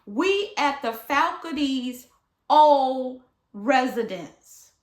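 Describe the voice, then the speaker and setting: High-voiced woman telling a story slowly. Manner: animated, dramatic retelling with voiced quotes; drops to hushed near-whispers at times. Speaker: vlogger. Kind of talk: casual storytime. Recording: echoey room.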